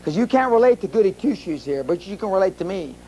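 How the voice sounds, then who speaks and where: A high-pitched older man from the United States addresses a seminar crowd. He tells his stories bluntly and with some profanity. A faint hum runs under the recording. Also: big pitch swings, fast talker, warm tone, rough recording. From USA. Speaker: seminar speaker. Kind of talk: live seminar talk.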